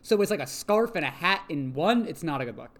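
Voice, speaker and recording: Animated, swearing podcast co-host. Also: mid-range voice, fairly quick. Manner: animated, swears a lot, rambling asides. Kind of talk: casual chat recapping a TV show.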